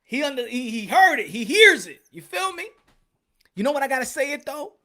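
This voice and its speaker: A man's voice: extremely high pitch, very animated, fairly quick, bright, forceful tone. A man hosting a boxing podcast in casual chat, rambling, joking and swearing freely.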